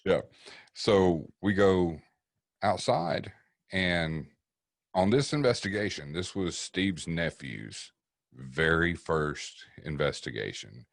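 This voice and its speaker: With an extremely deep voice and vocal fry, this East Tennessee man, a paranormal investigator guesting on a podcast, tells a story slowly in a relaxed, profane style. He vividly acts out other people's words, speaking close to a dry mic with no room sound.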